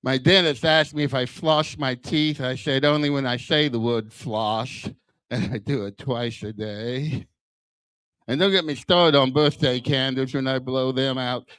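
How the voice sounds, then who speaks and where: A man's voice: medium pitch, a bit bright, smooth, no room sound. An older man doing stand-up comedy with a strong lisp that whistles on his s sounds, firing off self-deprecating one-liners on a club stage. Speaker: stand-up comic.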